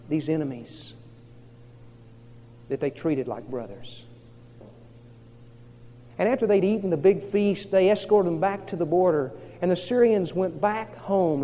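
A high-pitched male preacher delivers a sermon, dropping to a hush and then building to loud, dramatic retellings. The recording is dull and lo-fi, with long reverb from a large hall. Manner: dramatic storytelling, swinging from hushed to loud. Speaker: pastor.

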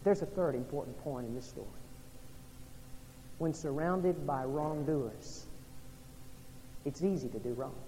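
A man from Oklahoma or Texas, a pastor preaching an evening sermon in a church, swinging between loud and hushed delivery. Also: measured pace, pauses often. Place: church sanctuary. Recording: long reverb in a large hall, faint rumble.

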